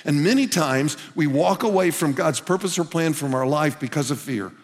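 A man's voice: on the high side, lively intonation, normal speed. Earnest preacher guy giving a sermon, talks to the room like "guys", echoey big hall. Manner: earnest, repeats phrases for emphasis, calls listeners "guys". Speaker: pastor. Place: church hall with a congregation. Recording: long reverb of a large hall.

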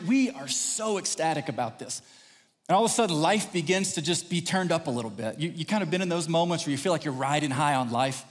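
Animated pastor in a reverberant hall. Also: male voice, fairly high pitch. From Texas. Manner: animated, acts out quotes in raised voice. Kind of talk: sermon storytelling.

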